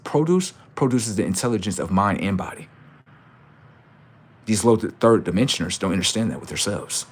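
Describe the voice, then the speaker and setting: A man with a fairly low voice lectures his livestream chat, repeating his points over and over. He swears freely, asks rhetorical questions, and sometimes bursts into loud outbursts. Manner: preachy, repetitive, profane, jumps into loud outbursts. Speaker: livestream host.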